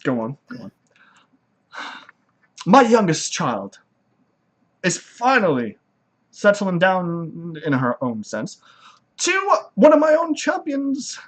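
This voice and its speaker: A man voicing a proud, weary godlike mother who speaks in a low, measured way. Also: wildly swooping pitch, husky, exaggerated voice.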